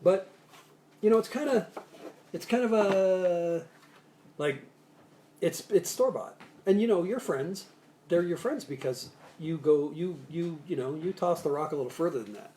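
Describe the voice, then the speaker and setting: A man's voice: on the high side, expressive, a little slow, pauses often, mellow, a little hiss or hum. Rambling, jokey male cocktail-show host. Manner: rambling and jokey, with many restarts and asides. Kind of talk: casual live-stream chat with bartending tips. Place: Salt Lake City area.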